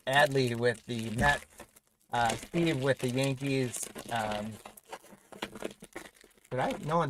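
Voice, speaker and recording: A man's voice: medium pitch, fairly bright tone, a little hiss or hum, low-quality recording. Man hosting a live card break. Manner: rattles off names and teams while opening packs. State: has the hiccups. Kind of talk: live-stream casual talk.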